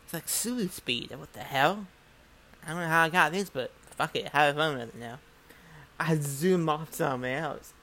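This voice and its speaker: A man's voice: on the high side, moderate pace, sharp tone. A man telling a rambling, profane story and acting out every line of dialogue. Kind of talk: casual spoken storytelling.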